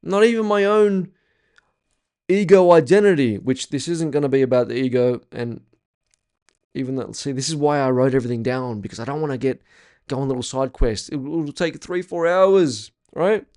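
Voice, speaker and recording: A man's voice: mid-range voice, normal speed, darkish tone, clean tone. Young male spiritual teacher, casual and blunt, heavy swearing, hammers points by repeating them. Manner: blunt, swears freely, emphatic repetition. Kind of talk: casual workshop talk.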